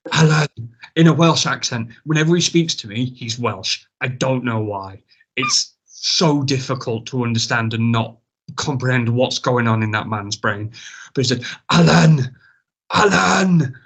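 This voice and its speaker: A man's voice: mid-range voice, normal speed, a bit bright, husky. A man, a wrestler as a guest, casually telling a rambling, self-mocking story and swearing freely.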